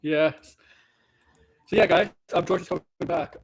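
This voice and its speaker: High, giggly male show host. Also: measured pace, slight background noise. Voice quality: laughs easily, relaxed. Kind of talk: casual chat.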